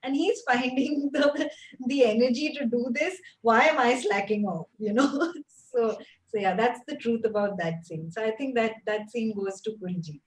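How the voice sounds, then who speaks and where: A woman's voice: on the high side, moderate pace. A woman, an actor guest telling stories animatedly and laughing as she talks. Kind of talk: interview answers, storytelling. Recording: echoey room, faint noise.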